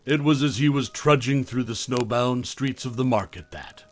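A man's voice: mid-range voice, normal speed, faint music behind. Man narrating a horror story.

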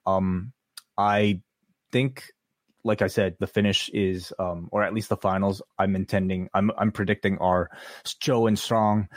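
A man with a lowish voice chats casually on a review podcast, piling up fillers and restarting his sentences as he argues his views. The sound is dry and close, with no room around it. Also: no room sound. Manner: chatty, many fillers and restarts, eager opinions. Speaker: wrestling podcast co-host.

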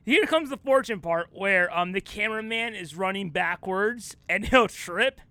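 A woman's voice: mid-range voice, expressive, normal speed, sharp tone, dry recording. A woman in casual, improvised comedy chat who giggles and trails off with fillers as she spins out a story.

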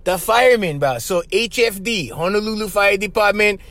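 A man's voice: sits high, normal speed, a bit bright, no room sound. A man from Hawaii speaking Hawaiian Pidgin, hosting a casual solo podcast in a loose, joking way. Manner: loose and joking, lots of "bro" and laughter. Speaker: podcast host.

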